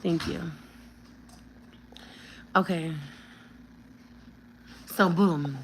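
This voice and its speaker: A woman's voice: fairly low pitch, drawn-out words, a little hiss or hum, low-quality recording. A woman in her thirties telling a personal story on a vlog, blunt and emphatic with plenty of cursing.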